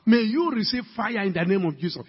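A man preaching in Ghanaian English, his husky voice sitting high as he calls out questions and builds to shouts. It sounds like a dull, lo-fi recording with a long reverb tail from a church hall. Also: expressive, a little fast. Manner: emphatic, calls out to the congregation, rising to shouts. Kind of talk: sermon.

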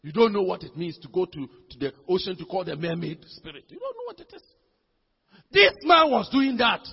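A man preaching a sermon, swinging from shouts to low, intense lines and repeating words as he builds. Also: wildly swooping pitch, fast. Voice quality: husky, gravelly voice. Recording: dull lo-fi hall recording.

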